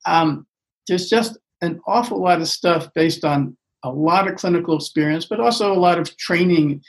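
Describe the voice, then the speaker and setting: Earnest older male doctor, slightly high voice. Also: moderate pace, creaky, rough recording. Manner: earnest, reflective, often restarting phrases. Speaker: physician guest. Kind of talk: interview conversation.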